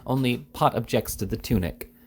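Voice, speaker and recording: A man reading the part of an eager young gentleman who answers indignantly. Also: medium pitch, normal speed, heavy background noise, natural voice. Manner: indignant, insistent.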